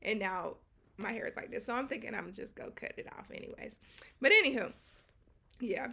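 A woman co-hosting a casual chat podcast, telling stories in an animated way with quoted dialogue, slang fillers and asides to listeners. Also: a little high, brisk, creaky, husky. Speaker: podcast co-host.

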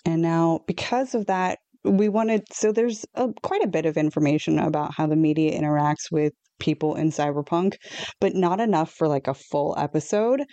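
A woman co-hosting a podcast in casual chat, now and then reading lore passages aloud. Her voice is mellow and slightly low, and the recording is dry and close. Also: moderate pace, no echo. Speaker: podcast co-host.

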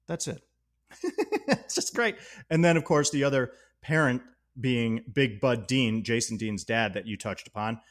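Man, podcast co-host, casual film chat, enthusiastic, lowish pitch. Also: a bit bright. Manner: enthusiastic, acts out quotes, laughs often.

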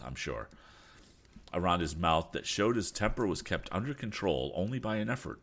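A man's voice: sits low, a bit bright. A man reading an old adventure novel aloud, with casual asides and occasional slips. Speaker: audiobook reader.

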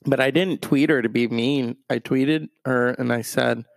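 A man's voice: mid-range voice, steady tone, unhurried, vocal fry, no room sound. A man hosting a show, ranting in a crude, rambling, self-mocking comic way. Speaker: show host. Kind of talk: comedic rant.

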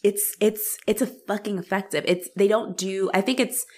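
A woman's voice: medium pitch, moderate pace, slightly rough. A woman co-hosting a casual talk show, talking animatedly and swearing freely while acting out the people she describes. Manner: animated, profane, acts out quoted characters. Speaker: podcast co-host. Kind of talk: casual chat.

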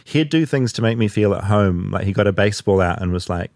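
New Zealand man, lowish voice, chatty, self-deprecating, dry close recording. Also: expressive, brisk, darkish tone, no room sound. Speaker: podcast host. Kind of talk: podcast narration and chat.

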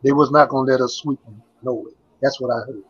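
A man's voice: mid-range voice, steady tone, quick pace, husky, muffled recording. An older man, a former basketball player, reminiscing as a guest in a casual interview, telling his stories in a rambling, repetitive way.

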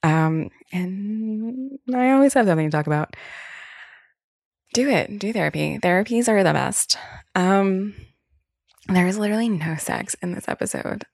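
This young solo podcaster has a medium-pitched, animated voice at normal speed, creaky and slightly mellow, and she pauses often. Her chat is casual and candid, heavy on "like" fillers with occasional swearing, recorded in a studio with no room sound.

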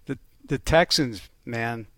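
A man's voice: mid-range voice, slow, a bit bright, no echo. Easygoing oddsmaker man, laughs a lot. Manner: easygoing, laughs often, explains lines. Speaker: podcast co-host, oddsmaker. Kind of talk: casual sports betting chat.

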